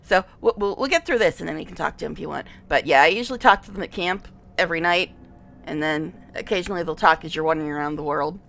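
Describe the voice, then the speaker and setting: A woman's voice: on the low side, gravelly, pushed and bright. A woman streamer giving casual gameplay commentary, chatty and giggly, with frequent laughs.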